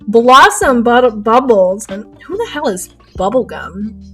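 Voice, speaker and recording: A young woman streaming her painting and chatting with viewers in an excitable, rambling way, laughing often. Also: on the high side, measured pace, breathy edge. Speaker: art streamer. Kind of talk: casual chat while painting live. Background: faint lo-fi music.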